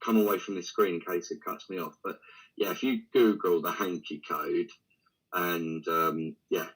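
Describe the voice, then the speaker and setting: A man's voice: deep voice, steady tone, moderate pace, a bit bright, slightly rough, rough recording. A man guesting on a live call, chatting casually and cutting in with cheeky jokes. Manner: cheeky interrupter, joking.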